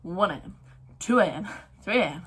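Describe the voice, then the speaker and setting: A young woman chatting excitedly about her month of reading on her book vlog, with lots of fillers. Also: on the low side, moderate pace, breathy edge. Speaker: book vlogger. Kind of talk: casual reading wrap-up chat. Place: at home, neighbour's garden noise outside.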